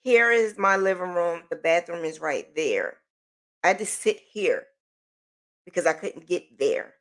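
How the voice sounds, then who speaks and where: A middle-aged woman hosting a podcast, telling a personal story in a chatty, animated way with sighs and self-corrections. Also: lowish voice, measured pace. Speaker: podcast host.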